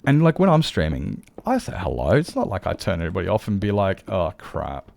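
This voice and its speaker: Gravelly, lively male streamer. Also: sits low, fast talker, dry recording. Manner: rambling and candid, swears freely. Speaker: livestreamer. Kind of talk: casual chat with viewers.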